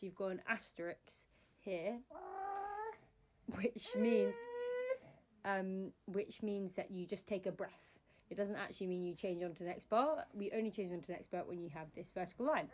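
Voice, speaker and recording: A woman's voice: medium pitch, moderate pace, a little mellow. A woman teaching a singing lesson step by step, explaining patiently with many fillers.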